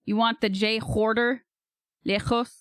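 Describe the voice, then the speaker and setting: A woman's voice: medium pitch, slow, a bit bright, clean tone, dry recording, clean studio sound. A woman from California streaming live, thinking aloud in a hesitant way and laughing at herself. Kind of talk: casual livestream chat.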